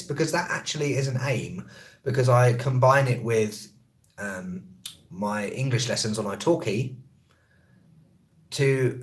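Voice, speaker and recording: A man in mid-range pitch rattles through viewer comments on a live stream. He is quick and easygoing, tripping over words and fixing them on the fly, like a traveller who also teaches English. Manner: quick, chatty, self-correcting. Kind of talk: casual live-stream chat answering comments.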